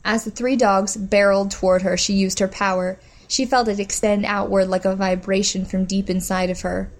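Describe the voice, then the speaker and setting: A woman narrates a story aloud at a steady, measured pace. Her voice sits at an ordinary middle pitch for a woman. She reads the action plainly and evenly. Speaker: audiobook narrator. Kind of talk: scripted narration.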